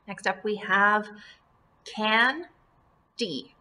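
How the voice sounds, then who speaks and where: A woman teaching a phonics lesson to young children, modeling words slowly and repeating them in a sing-song, encouraging way. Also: medium pitch, lively intonation, sharp tone. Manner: slow, drawn-out word modeling, sing-song repetitions; encouraging, addresses children as friends and folks.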